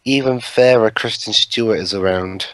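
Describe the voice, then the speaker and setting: A man's voice: lowish voice, moderate pace, fairly bright tone, no room sound. A man doing casual movie commentary with sarcastic jokes. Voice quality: sarcastic, joking.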